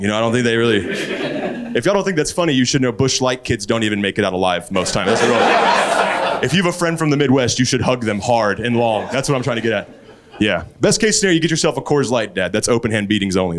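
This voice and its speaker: A Texas man, a stand-up comedian, performs on a comedy club stage before a laughing crowd, springing into loud acted quotes. His delivery is animated and leaps high whenever he acts out a quote. The live club recording carries loud crowd laughter.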